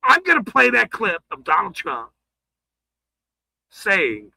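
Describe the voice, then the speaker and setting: An angry man ranting on his livestream, swearing hard, stammering and shouting. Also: high voice, wildly swooping pitch, slow pace, gravelly, long pauses, slightly rough, no room sound, poor audio. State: furious.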